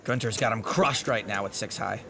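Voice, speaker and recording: A man's voice: fairly low pitch, fairly quick, gravelly, background noise. A man doing wisecracking color commentary with dry, sarcastic quips.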